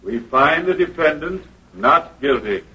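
An actor playing a grave jury foreman who speaks in slow, solemn statements, on an old radio drama recording. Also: on the high side, lively intonation, sharp tone, breathy edge, heavily acted. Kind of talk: 1950s radio drama acting. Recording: dull old radio broadcast.

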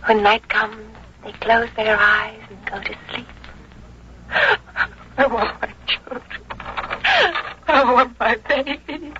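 A woman's voice: fairly high pitch, fairly even intonation, takes it slowly, pauses often, pushed and bright. An actress playing a dazed, grieving mother held in prison, who speaks in wandering, broken phrases, on an old radio drama recording. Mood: distraught, dazed. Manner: wandering, broken, dreamlike speech. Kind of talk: 1950s radio drama acting. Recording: dull old radio broadcast with faint hiss.

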